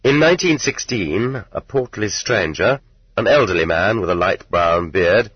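A man narrating an audiobook in measured, even storytelling. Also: lowish voice, slightly rough, dry recording, highs cut off. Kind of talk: scripted narration.

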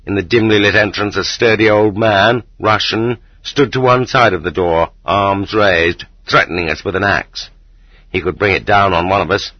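A man reading a first-person story aloud in a measured storytelling manner, lifting his voice for quoted speech. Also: sits low, husky, dry recording. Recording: dull lo-fi recording.

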